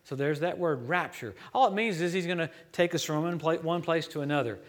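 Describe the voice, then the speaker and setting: Man, American accent, guest preacher, high voice, lively jokey sermon. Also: fairly quick. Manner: lively, jokey preaching with sudden loud peaks.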